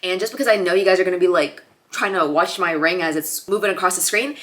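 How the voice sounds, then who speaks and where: A woman in her twenties chatting excitedly to camera in a casual vlog, slipping into whispers and giggles. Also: fairly low pitch, fast talker. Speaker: vlogger.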